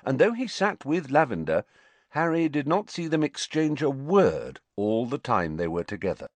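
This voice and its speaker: Lively low-voiced male storyteller. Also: no room sound. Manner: expressive storytelling. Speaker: audiobook narrator. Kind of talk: scripted narration.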